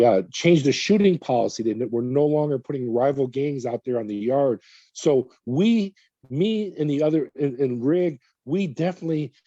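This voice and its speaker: A man recounts his experience as a guest in an interview, slipping into the voices of the people around him as he goes. His tone is very dark and mellow with a husky edge, heard dry and slightly dull. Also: mid-range voice, dry recording. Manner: animated retelling with quoted dialogue. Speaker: guest, former corrections officer. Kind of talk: storytelling in an interview.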